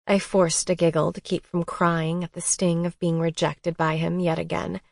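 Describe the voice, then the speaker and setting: A woman's voice: on the low side, little pitch movement, moderate pace, vocal fry, hardly any pauses, no room sound, clean studio sound. A woman narrating a first-person romance audiobook in an intimate, emotional way.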